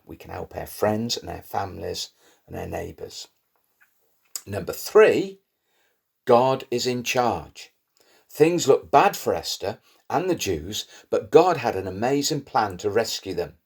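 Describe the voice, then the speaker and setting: A man tells a Bible story to primary-age children, slowly and with lots of expressive rises and falls in his voice. His tone is slightly husky, and he leans into key words to keep young listeners hooked. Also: medium pitch. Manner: lively, expressive storytelling with rising emphasis.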